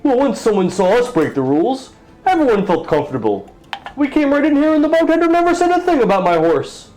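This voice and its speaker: A man's voice: very high voice, big pitch swings, brisk, darkish tone, faint music behind, pitched above the performer's own voice, poor audio. A man voicing a pompous, boastful male human knight in a tabletop role-play game, speaking in a grand, self-important way.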